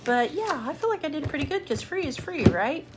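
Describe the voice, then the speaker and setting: High-voiced sick woman, hoarse and coughing. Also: very animated, fairly quick, heavy background noise. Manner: rambling, chatty, apologetic. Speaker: haul vlogger. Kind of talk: casual chat to viewers. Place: at home, sitting.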